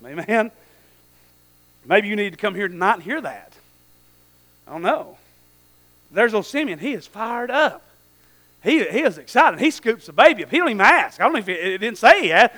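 A man delivers a sermon in an unusually high, bright and forceful voice. His delivery is folksy and animated, with frequent calls of amen and bursts of shouting at the high points. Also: a little fast. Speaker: preacher.

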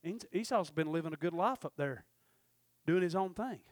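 A man preaching a sermon, telling folksy stories and acting out the dialogue, swinging from shouted peaks down to low murmurs. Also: lively intonation, moderate pace, dry recording, clean studio sound. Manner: folksy storytelling with acted-out dialogue. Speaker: pastor.

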